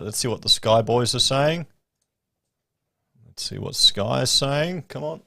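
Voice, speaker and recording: A man's voice: medium pitch, lively intonation, measured pace, gravelly, sharp tone, no room sound. An Australian man hosting a casual livestream, chatting and rambling to his viewers. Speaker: livestream host. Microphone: podcast studio mic. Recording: dry close-miked sound.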